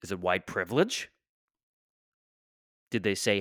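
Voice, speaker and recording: Smooth-voiced young man rambling through a story. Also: on the low side, normal speed, pauses often, a bit bright, no room sound, studio quality. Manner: rambling, digressive, trails off. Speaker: podcast host. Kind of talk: comedic solo storytelling.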